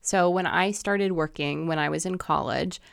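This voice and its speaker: A woman's voice: deep voice, moderate pace, vocal fry, no echo, studio quality. A young adult woman hosting a podcast, giving chatty, motivational advice on income and real estate with lots of "like" and "so". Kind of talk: upbeat podcast monologue.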